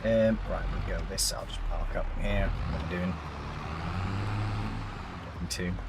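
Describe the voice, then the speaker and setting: A young man rambles casually to his viewers on a gaming stream, calling them mate and chuckling as he plays. His voice sits low and steady at a measured pace, with background noise in the clip.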